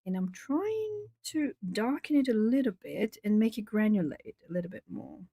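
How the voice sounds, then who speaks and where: A woman's voice: mid-range voice, sing-song, moderate pace, dark tone, no room sound. Chatty Brazilian-born woman, dry close mic. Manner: chatty, laughs often, reads out and answers viewer comments. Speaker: artist streamer. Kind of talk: casual live-stream chat while colouring.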